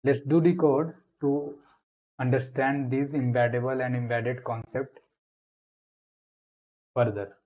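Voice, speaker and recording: A man's voice: mid-range voice, little pitch movement, narrow, tinny audio. A man explaining a programming lesson step by step as he types code in a screencast tutorial. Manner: slow, step-by-step explaining while typing.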